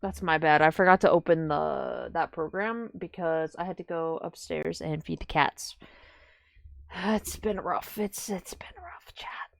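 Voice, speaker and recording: Slow, gravelly-voiced young woman streamer. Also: no room sound, clean studio sound. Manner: rambling, trailing off into low mumbled asides. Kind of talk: casual live-stream chat.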